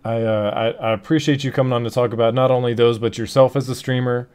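A man's voice: mid-range voice, steady tone, fast talker, darkish tone, smooth. Rambling casual male podcast host. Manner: rambling, many fillers and restarts. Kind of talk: casual chat.

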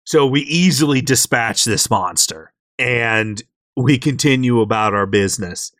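A young man on a podcast, telling a game story in an animated way and jumping into character voices, in a dry close recording. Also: medium pitch, a little slow, no room sound. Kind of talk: casual game recap chat.

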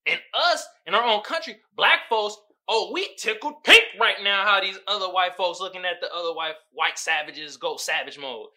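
Male podcast host, profane and animated, bright edgy voice. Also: high voice, moderate pace, hardly any pauses. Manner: animated, profane, mimics people in quoted voices. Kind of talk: casual commentary monologue.

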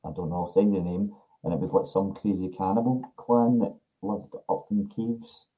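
Scottish podcast guest, man, rambling and unsure, low husky voice. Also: normal speed, dark tone, rough recording. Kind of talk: casual chat.

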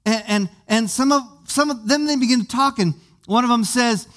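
A man's voice: very high-pitched, normal speed, fairly bright tone. A man preaching a sermon, vividly retelling a scripture story with many questions to his listeners and often repeating small words as he goes.

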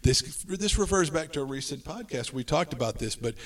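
A man's voice: on the high side, lively intonation, brisk, recorded from a distance. A man hosting a casual podcast, giving game advice and rattling through lists of tips.

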